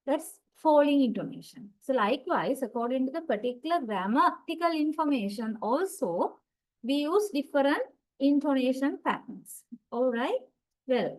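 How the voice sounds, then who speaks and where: High-voiced woman lecturing online. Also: rough recording. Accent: South Asian English. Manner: explains slowly with many fillers.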